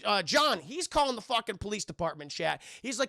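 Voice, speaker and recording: Male streamer, high gravelly voice, cursing and rambling to his chat as he recaps a film. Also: sing-song, fast talker, hardly any pauses, bright, forceful tone, dry recording, clean studio sound. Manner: profane, rambling, constantly addressing the chat. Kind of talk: casual scene-by-scene film recap to a live chat.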